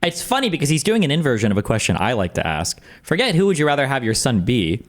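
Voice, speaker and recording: A man's voice: mid-range voice, huge pitch swings, quick pace. A man streaming and reacting to clips, rambling in a wry, sarcastic way to his chat at his desk mic. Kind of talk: casual reaction commentary.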